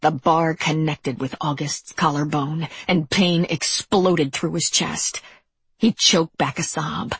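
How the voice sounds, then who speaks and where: An audiobook narrator reads in a slow, measured way. The voice is very breathy and husky, and the recording is close and dry. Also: medium pitch, no room sound. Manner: measured, even dramatic reading.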